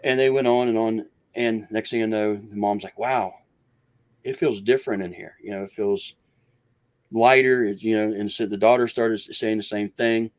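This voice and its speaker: Low-voiced man telling a long story. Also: fairly even intonation, moderate pace. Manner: rambling, restarts, acts out others' words. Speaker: guest researcher. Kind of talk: storytelling in a casual interview.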